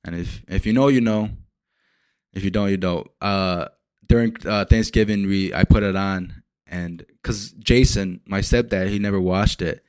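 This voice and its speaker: A young man hosting a solo podcast, rambling and swearing as he retells movie scenes with lively energy. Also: low voice, normal speed, clean tone, no room sound. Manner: rambling, profane, animated retellings. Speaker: podcast host. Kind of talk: casual solo podcast rant.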